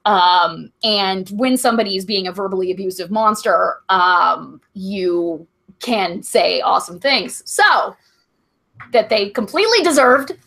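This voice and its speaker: Rambling bright-voiced woman podcaster. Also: mid-range voice, expressive, measured pace, vocal fry. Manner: rambling, full of likes and ums. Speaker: comedy podcast co-host. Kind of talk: casual storytelling chat.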